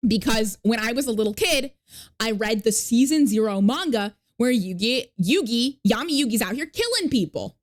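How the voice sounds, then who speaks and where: A woman with a fairly high, animated voice chats with her live-stream viewers at a moderate pace. She's not from New York, and her casual talk rambles along with fillers, free swearing, and pauses to thank new followers.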